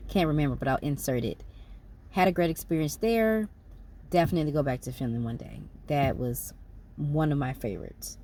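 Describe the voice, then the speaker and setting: A woman's voice: low voice, moderate pace, mellow, slight background noise. A woman, rambling casually through a travel recap with fillers and self-corrections. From United States. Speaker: travel vlogger.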